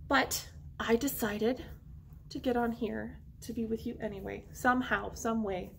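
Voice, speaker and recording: A woman music teacher leading an online lesson for young children, talking slowly and encouragingly and singing short phrases with an instrument. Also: a little high, fairly even intonation, vocal fry, fairly bright tone, slight background noise.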